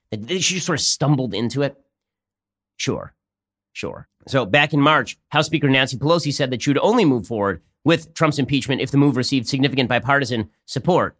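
Rapid-fire sarcastic male commentator. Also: medium pitch, a bit bright. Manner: sarcastic and mocking. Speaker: podcast host. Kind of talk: political commentary.

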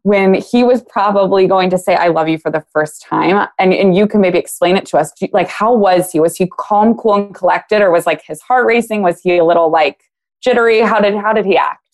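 A woman's voice: mid-range voice, a little fast. A woman talking casually on a podcast as a guest, explaining ideas with analogies and acted-out quotes.

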